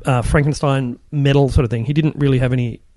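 A man's voice: mid-range voice, steady tone, quick pace, a little mellow, no room sound. A middle-aged man, a guest in a casual interview, rambling with many restarts as he recalls his work. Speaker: guest, film puppet and props builder.

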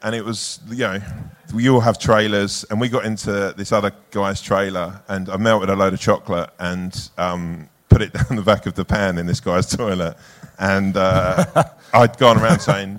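A man's voice: sits low, steady tone, normal speed, few pauses. Laughing, swearing man spinning anecdotes. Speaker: podcast guest, actor. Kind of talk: casual chat.

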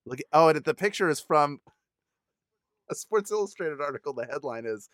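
A man's voice: fairly high pitch, lively intonation, moderate pace, a bit bright, no room sound, studio quality. A man co-hosting a comedy podcast, riffing sarcastically in casual chat. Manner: sarcastic, does mock ad voices. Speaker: podcast co-host.

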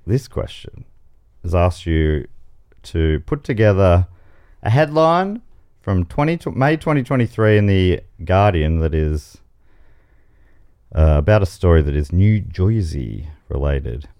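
A man's voice: deep voice, a little slow. An Australian man hosting a comedy game show podcast, reading out quiz questions with playful asides. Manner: playful, reads questions aloud with animated asides. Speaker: host.

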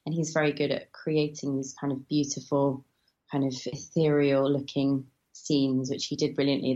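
A low-pitched woman from England chats easily as an interview guest, rambling through fillers and restarts. Her voice comes through a dull, muffled recording. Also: darkish tone. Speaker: actress guest. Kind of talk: casual interview chat.

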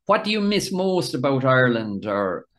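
A man's voice: mid-range voice, sing-song, normal speed, fairly bright tone. Easygoing male podcast host. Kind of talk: casual interview chat.

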